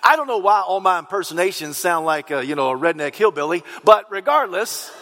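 A male pastor delivers an emphatic, repetitive sermon in a fairly high voice, at times lifting into a sung preaching cadence. His words ring out through a church sanctuary with a long reverb tail. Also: lively intonation, a little fast, fairly bright tone, a little hiss or hum. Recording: long reverb in a large hall.

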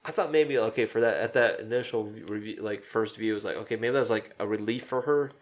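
A man co-hosting a casual podcast about a film, animated and laughing, with lots of fillers and swearing. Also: on the low side, quick pace. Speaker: podcast co-host.

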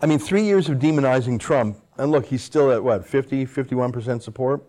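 A man in a sarcastic opinion monologue, needling his targets with rhetorical questions. His voice sits in an ordinary middle pitch, and he swings between quick runs and drawn-out, pointed phrases. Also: warm tone. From Canada. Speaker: political commentator host.

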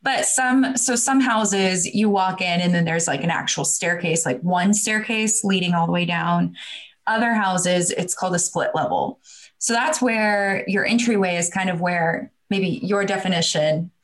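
A woman's voice: lowish voice, a little slow, rough recording. A woman from the Midwest, a podcast guest on a video call, telling a story in a chatty way with many fillers and restarts. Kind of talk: casual storytelling.

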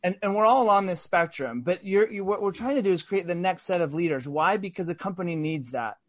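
A man's voice: high-pitched, a little fast, dry recording. Earnest man telling a story, dry sound. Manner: earnest, animated storyteller with frequent restarts. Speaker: sales executive guest. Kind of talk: storytelling in a podcast conversation.

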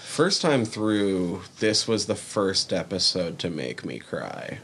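A man with a lowish voice, co-hosting a podcast in easy casual chat. His talk is loose and laid back, dotted with offhand swearing. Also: big pitch swings, slow pace, fairly bright tone, breathy edge. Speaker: podcast co-host. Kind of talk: casual chat reviewing a TV series.

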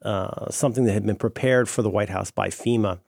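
A man's voice: lowish voice, fairly even intonation, brisk, creaky, a little mellow, dry recording, studio quality. Playful joking man on a podcast. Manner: playful, jokey, rambling with fillers. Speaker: podcast co-host. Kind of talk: casual chat.

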